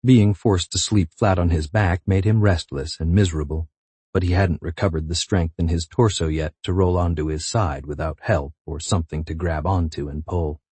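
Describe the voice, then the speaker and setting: A man reads a novel aloud in a measured, intimate way. His voice is very low, dark and husky. The recording is dry and close with no room sound. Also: fairly even intonation, dry recording. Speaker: audiobook narrator. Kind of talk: scripted narration.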